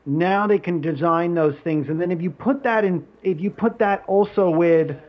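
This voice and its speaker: A man with a slightly higher voice than most talks casually as a podcast guest. He is animated and full of restarts and fillers. The sound is a bit muffled and lo-fi. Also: moderate pace. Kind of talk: casual conversation.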